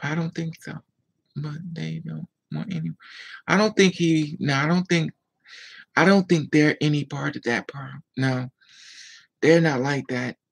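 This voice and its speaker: A gravelly, husky voice with plenty of vocal fry. A vlogger speaks candidly and emotionally about their own past. At times they drop to a near whisper and answer viewer comments. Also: mid-range voice, fairly even intonation, measured pace, poor audio. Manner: emotional, candid storytelling with frequent hushed asides; responds aloud to viewer comments. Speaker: vlogger telling a personal story. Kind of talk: casual story time monologue.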